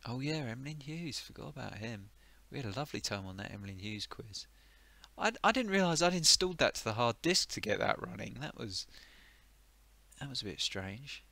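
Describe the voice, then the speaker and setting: Casual male streamer commentating retro games, bright forceful tone, dry sardonic asides. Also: mid-range voice, animated, moderate pace, creaky. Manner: chatty, sardonic, muttering asides.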